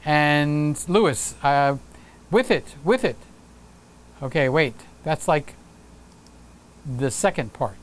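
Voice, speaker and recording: A man's voice: a little high, expressive, takes it slowly, long pauses, a little hiss or hum. A man hosting a casual livestream, chatting upbeat and reading viewer comments aloud with frequent fillers. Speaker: livestream host.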